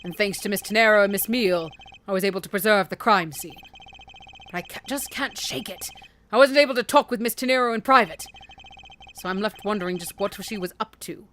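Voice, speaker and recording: Composed male prosecutor, read by a woman streamer, measured and thoughtful. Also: medium pitch, fairly bright tone, a little hiss or hum, natural voice. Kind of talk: reading game dialogue aloud on a stream.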